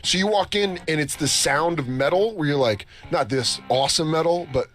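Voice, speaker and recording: A man from the United States, a show host, tells a long, profane story on a talk show in a slightly high voice at normal speed. He's animated and acts out the voices of the people in his casual tale. The radio broadcast carries faint music behind him.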